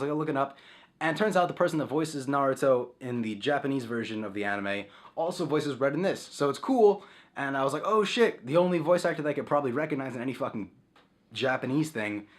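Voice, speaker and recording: A man's voice: on the low side, fairly bright tone. A young man vlogging casually at home, rambling and sidetracking, swearing often and acting out sound effects.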